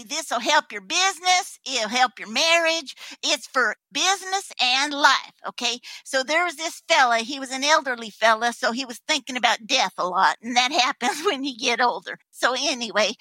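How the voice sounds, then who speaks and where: Give me a woman playing a folksy elderly grandma, rambling and bright-voiced. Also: high-pitched, no room sound, heavily acted, low-quality recording. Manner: chatty, rambling storyteller. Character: folksy elderly grandmother who burns cookies. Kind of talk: put-on character storytelling.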